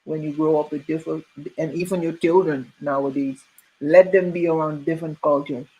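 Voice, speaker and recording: A woman from Suriname, chatting as a guest and telling stories in an animated way, laughing often and saying "you know" a lot. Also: low voice, a little fast, husky, dull audio. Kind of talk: casual storytelling chat.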